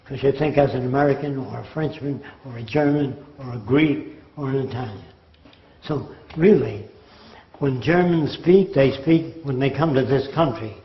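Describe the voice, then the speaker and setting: A man's voice: medium pitch, normal speed, roomy sound, highs cut off. An older man giving an informal, argumentative lecture, now and then putting on accents for his examples. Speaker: speaker on his social project.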